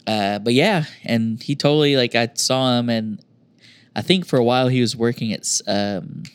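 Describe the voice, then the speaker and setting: A man hosting a podcast in casual chat, animated and swearing freely. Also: medium pitch, moderate pace, smooth, dry recording. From Oklahoma. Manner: animated, swears freely, mimics voices in quotes. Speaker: podcast host.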